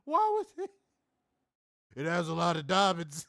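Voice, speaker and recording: Male co-host, raucous and cussing, laughs through his lines; animated voice, dry booth sound. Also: measured pace, gravelly, no room sound. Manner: loud, profane, laughing often, swoops high when amused. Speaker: podcast co-host. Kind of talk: casual review chat.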